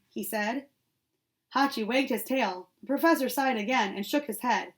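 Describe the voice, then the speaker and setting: A woman's voice: fairly high pitch, moderate pace. A woman reading a children's novel aloud, reading steadily and correcting her small slips as she goes. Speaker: audiobook reader.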